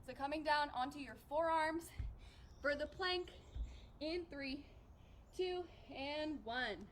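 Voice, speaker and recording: A woman's voice: high voice, slow pace, a little hiss or hum. A young woman coaching a workout class, upbeat and encouraging, counting reps aloud while out of breath. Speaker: fitness instructor.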